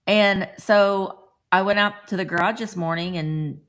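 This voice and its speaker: A woman's voice: medium pitch, a little slow, fairly bright tone. A middle-aged woman casually chatting on a morning live stream from home, greeting viewers by name as she talks. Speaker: vlogger hosting a live stream.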